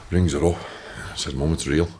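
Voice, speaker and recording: A man in his thirties with a Liverpool accent, telling his story as a podcast guest, animated and swearing, acting out what others said. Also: a bass voice, normal speed, a little hiss or hum. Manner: animated, swears, acts out quotes. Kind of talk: casual storytelling.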